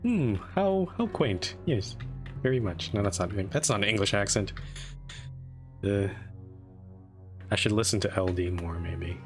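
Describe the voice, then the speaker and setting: Male game streamer, lowish voice, rambling self-deprecating chat, faint music underneath. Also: normal speed, long pauses. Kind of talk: casual live-stream commentary.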